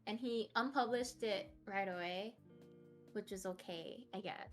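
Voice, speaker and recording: A woman's voice: medium pitch, unhurried, soft background music. A young woman streamer chatting casually as a podcast guest, laughing often. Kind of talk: casual interview chat.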